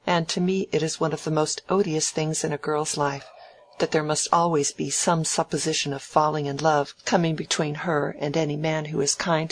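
A reader voicing a proud, sharp-witted young woman in a novel, speaking crisply and earnestly with a teasing edge. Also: medium pitch, natural voice. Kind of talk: audiobook dialogue reading.

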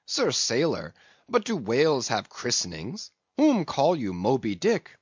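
Formal, curious nobleman, read by a man; lively pitch, dull dry audio. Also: unhurried, husky, no echo, exaggerated voice. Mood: wondering. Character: Don Sebastian, curious Spanish nobleman, a man.

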